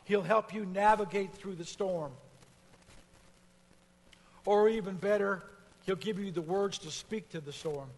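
A male pastor's high, bright voice rings through a long hall reverb as he stacks repeated promises with growing fervor, dropping casual asides between declarations. He preaches at normal speed with hardly any pauses, over slight background noise.

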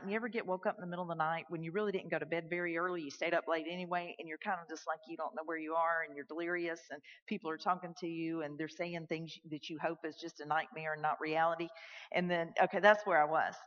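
A woman telling a personal story in a sermon, animated and swinging from loud to hushed. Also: on the low side. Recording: echoey hall, dull lo-fi sound.

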